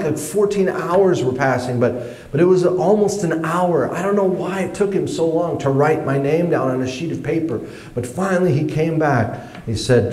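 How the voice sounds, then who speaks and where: A man telling a personal story to an audience, animated, jumping high in pitch when he acts his younger self. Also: roomy sound.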